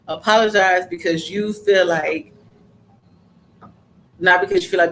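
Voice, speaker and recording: A woman's voice: mid-range voice, a bit bright, a little hiss or hum, low-quality recording. Emphatic woman hosting a podcast. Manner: emphatic, preachy, repeats points for stress. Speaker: podcast host. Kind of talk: casual podcast talk.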